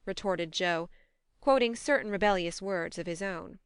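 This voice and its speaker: Brief: audiobook narrator, woman, measured and expressive, resonant tone. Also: lowish voice, clear, resonant tone, no room sound, clean studio sound. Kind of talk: scripted narration.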